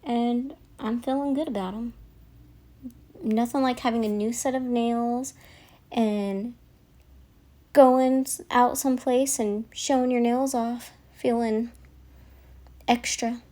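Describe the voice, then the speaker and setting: A young woman talks over her own video in a loose, rambling voiceover, circling back to apologize for chatting so much. Her voice sits a bit high, and she takes her time, drawing words out instead of rushing. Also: fairly even intonation, warm tone. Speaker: nail vlogger. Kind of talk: casual voiceover chat.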